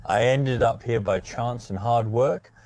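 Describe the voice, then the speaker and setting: A man hosting a casual interview from inside a car, upbeat and animated. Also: medium pitch, a little slow. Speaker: host.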